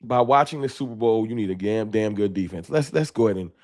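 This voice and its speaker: A man with a slight lisp hosting a casual sports talk live stream, talking straight to his chat in slangy, animated bursts. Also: on the low side, quick pace.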